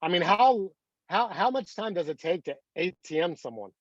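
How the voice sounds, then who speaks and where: A man's voice: high-pitched, lively intonation, moderate pace, fairly bright tone, no room sound, lo-fi sound. A man in his thirties leading a motivational team call over video, talking in a rambling, anecdotal way full of fillers. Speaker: team leader.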